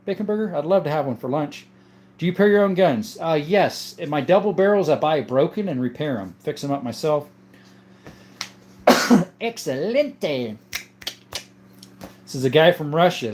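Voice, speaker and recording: A man with a somewhat high voice hosts a relaxed livestream. He reads viewer messages out loud and answers each one in an offhand, chatty way. His replies come with plenty of "uh" and "um" filler. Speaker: livestream host of a gun channel. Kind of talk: casual livestream chat reading viewer comments.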